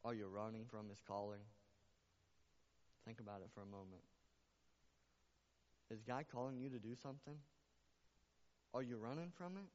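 A man's voice: lowish voice, normal speed, pauses often, darkish tone. A man preaching a sermon as pastor, earnest and repetitive, building to emphatic appeals. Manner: earnest preaching, repeats phrases, rising to emphatic calls. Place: church sanctuary. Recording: muffled sound with long hall reverb.

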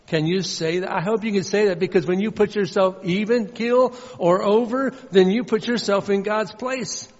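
A man preaches in earnest, his voice pitched a bit high as he swings from loud stressed lines down to soft, low asides. The sound is somewhat muffled and dull. Long reverb trails each phrase, as in a large church hall. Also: fairly even intonation, moderate pace, hardly any pauses. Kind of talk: sermon.

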